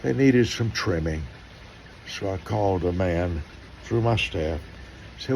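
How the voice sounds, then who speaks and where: A man's voice: deep voice, lively intonation, slow, creaky, a little mellow, a little hiss or hum. An older man, a pastor, telling stories in sermon style and acting out the dialogue with animation.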